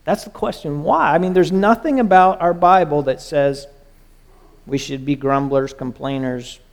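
A man preaching a sermon, moving between hushed, soft lines and raised, urgent pleading. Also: on the high side, a little slow. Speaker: pastor.

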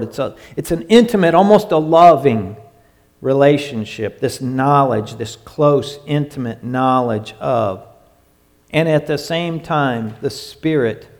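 A man preaching a sermon in an emphatic way, stretching out his phrases and sometimes dropping to a hush. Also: medium pitch. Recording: long hall reverb.

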